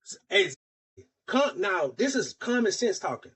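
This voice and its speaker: A man's voice: high voice, very animated, measured pace, fairly bright tone, breathy edge. A man from Florida telling a heated personal story in casual podcast talk, cursing freely and acting out the other people's lines. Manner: profane, heated, acts out quoted dialogue. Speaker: podcast host.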